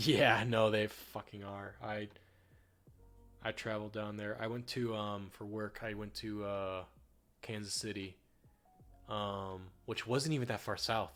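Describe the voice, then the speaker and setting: This young streamer from the northern United States chats casually as he paints on stream, swearing a lot, wandering off topic, and packing in fillers. He speaks at a measured pace in a fairly low, slightly bright voice with fairly even intonation, and faint music plays behind him.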